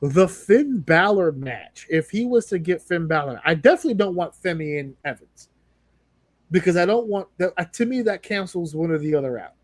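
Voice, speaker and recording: A man co-hosting a casual podcast chat, telling stories with lively acted-out quotes. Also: high voice, normal speed, dry recording. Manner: animated storyteller who acts out wrestlers' lines. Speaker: podcast co-host.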